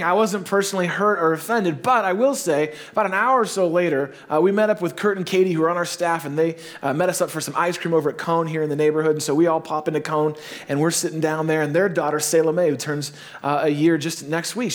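A man preaching a sermon. He tells a story casually, then slows into hushed, earnest appeals. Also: sits high. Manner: storytelling, swings between playful baby talk and slow hushed earnestness. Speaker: pastor.

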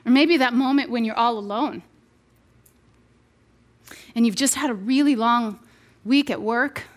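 A woman in her thirties with a high, light voice speaks to a room of mothers in an earnest, chatty sermon style. She stumbles and restarts often and slips in playful asides between her points. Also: measured pace. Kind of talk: sermon-style devotional talk.

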